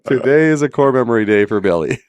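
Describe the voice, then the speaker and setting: A man's voice: medium pitch, lively intonation, fast, a little mellow, no echo. A middle-aged man co-hosting a podcast, chatting casually and teasing with frequent laughs. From Manitoba, Canada. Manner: joking, teasing, laughs often. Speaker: podcast co-host. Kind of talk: casual chat.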